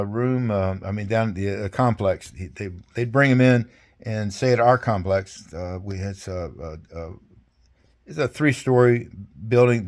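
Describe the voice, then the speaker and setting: An older man recounting his service in a rambling, folksy way, speaking casually over a video call. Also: mid-range voice. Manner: rambling, folksy, salty, chuckling. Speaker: veteran interviewee. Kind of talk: casual storytelling interview.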